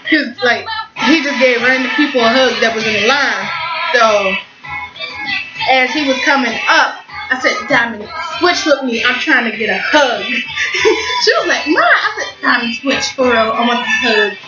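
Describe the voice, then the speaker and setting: A teenage girl telling a rambling, excitable story with casual swearing. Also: on the high side, moderate pace. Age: teens. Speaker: vlogger. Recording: echoey, muffled, loud music behind.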